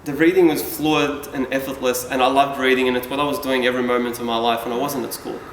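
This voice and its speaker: A man's voice: mid-range voice, fairly even intonation, quick pace, far from the mic, a little hiss or hum. Man speaking in an echoey hall. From Yugoslavia. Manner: candid, casual, with swearing and self-deprecating asides. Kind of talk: personal story talk to a live audience. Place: event hall.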